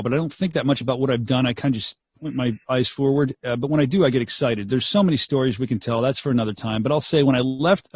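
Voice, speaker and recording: A man's voice: medium pitch, slightly rough, no room sound, studio quality. A young man, a radio DJ telling stories animatedly in an interview. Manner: animated, acts out quotes, laughs often. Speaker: radio DJ guest. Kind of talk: storytelling interview.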